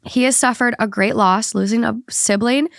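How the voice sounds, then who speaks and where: A woman's voice: on the high side, moderate pace, creaky, no room sound, studio quality. A woman hosting a podcast, talking in a heated, indignant way with a stuffy nose. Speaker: podcast host. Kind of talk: casual podcast chat.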